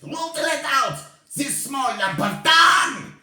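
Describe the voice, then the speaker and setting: Male reader as a shrill, gravelly witch queen, imperious and slow, echoey room. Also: bright, forceful tone, faint music behind, heavily acted. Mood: furious. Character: commanding female witch leader.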